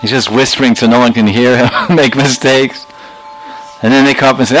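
A man's voice: mid-range voice, fairly even intonation, fast talker, rough recording. A man giving a storytelling sermon who animatedly acts out the characters and laughs often. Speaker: spiritual teacher.

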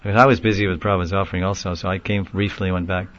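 A man telling a long story in a casual, rambling way, often laughing and getting animated when he quotes people. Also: deep voice, rapid-fire, dull audio. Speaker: speaker recounting a story in a class. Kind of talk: informal storytelling talk.

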